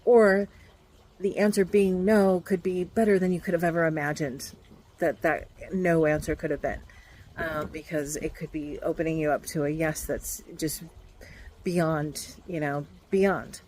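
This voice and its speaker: A woman's voice: low voice, fairly even intonation, unhurried, a little mellow, slight background noise, poor audio. A woman doing a casual tarot card reading, musing aloud and hesitating with many fillers. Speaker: tarot reader.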